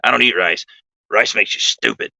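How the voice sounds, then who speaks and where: A man's voice: lowish voice, normal speed, vocal fry, bright, forceful tone, breathy edge, no room sound, voice pushed up, heavily acted, rough recording. A man imitating an old army buddy, a dim-witted young soldier with an odd, fake-sounding voice who states wrong things with total confidence. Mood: smugly certain. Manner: confidently wrong, matter-of-fact.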